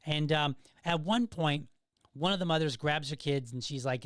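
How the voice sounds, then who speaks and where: A man's voice: a little high, moderate pace, fairly bright tone, no echo, studio quality. A middle-aged man hosting a podcast, telling a story in a casual monologue and often checking in with "okay?" and "right?". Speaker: podcast host.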